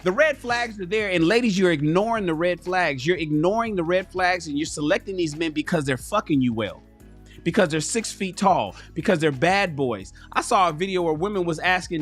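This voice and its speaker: A man's voice: sits high, a little fast, soft background music. A man hosting a livestream talk show in casual commentary, emphatic and profane, speaking straight to his viewers. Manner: animated, emphatic, profane, addresses viewers directly.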